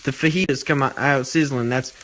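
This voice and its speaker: A man's voice: mid-range voice, steady tone, brisk, a bit bright, slight background noise. A young man hosting a comedy cooking show, rambling in mock-serious self-talk as he cooks in a home kitchen. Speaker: cooking channel host. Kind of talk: comic cooking monologue. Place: home kitchen, frying on the stove. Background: sizzling pan.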